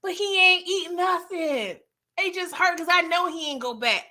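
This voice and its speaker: Reading her chat aloud during a late-night stream, this woman keeps things loose, slangy and playful, laughing a lot. Her voice is very high-pitched and moves at a moderate pace.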